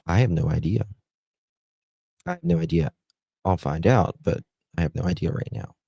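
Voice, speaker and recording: A man from the United States with a Southern American accent, hosting a casual live stream, chatting with viewers and reading their comments aloud with plenty of "um" pauses. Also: low voice, gravelly, mellow, no echo. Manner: chatty, self-deprecating, many "um" pauses. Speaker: livestream host.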